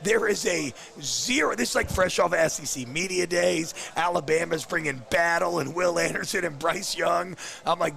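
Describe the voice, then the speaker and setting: A hoarse man, co-hosting a postgame sports show in a cigar bar and telling profane, excitable stories full of "dude.". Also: a little high, normal speed, hardly any pauses. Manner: loud, profane, excitable storyteller who says "dude" often. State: hoarse, coughing. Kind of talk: profane casual sports banter.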